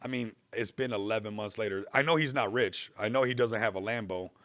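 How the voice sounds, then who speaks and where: A man's voice: lowish voice, a little fast, fairly bright tone, dry recording. A young man hosting a livestream, talking in a loose, rambling way, mocking and laughing often. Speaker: livestream host. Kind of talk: casual livestream chat.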